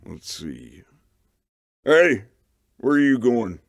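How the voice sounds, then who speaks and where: Tipsy, giggly man with lively pitch. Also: slow pace, gravelly, no room sound. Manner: giggly, rambling. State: drunk. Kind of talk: casual live-stream chat.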